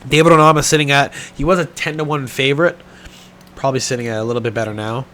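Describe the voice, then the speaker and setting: A man's voice: medium pitch, fairly even intonation, quick pace, pushed and bright. A man giving casual sports betting talk in a blunt, profane, exasperated way, tired and yawning from a sore throat.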